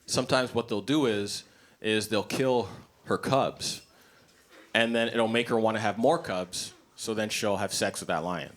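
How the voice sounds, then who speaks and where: A man doing a stand-up comedy set in a club, blunt, profane and animated. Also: fairly low pitch, a little slow. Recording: live comedy club, noisy ambience.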